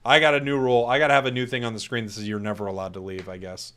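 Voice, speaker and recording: A man's voice: mid-range voice, little pitch movement, pushed and bright, clean tone. A man casting an esports tournament, joking with his stream chat in mock outrage during a break, stammering and restarting. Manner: stammering restarts, quick laughs.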